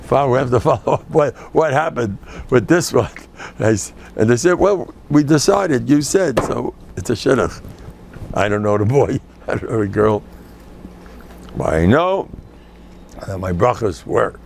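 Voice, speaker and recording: An older man, a rabbi, lectures before a live audience in a gravelly, medium-pitched voice with lively intonation and a normal pace. He jokes, tells stories, and acts out the people he quotes, with slight background noise audible.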